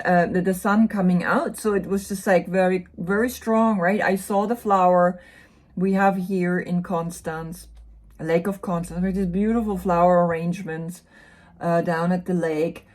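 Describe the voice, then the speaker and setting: A woman's voice: lowish voice, a little mellow. A woman with a German accent giving a casual tarot reading, rambling and often repeating words. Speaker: tarot reader.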